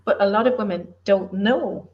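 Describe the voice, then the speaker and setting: A woman's voice: mid-range voice, normal speed. Brief: middle-aged British-born woman, ex-police author, emphatic and earnest, slightly dull recording. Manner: earnest, emphatic, plain-spoken. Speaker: author and former police officer, guest. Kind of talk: casual interview chat.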